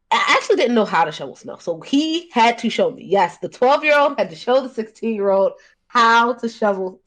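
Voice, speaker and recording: A young woman with a Baltimore accent, co-hosting a podcast and telling a story in casual chat, animated and laughing often. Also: mid-range voice. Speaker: podcast co-host.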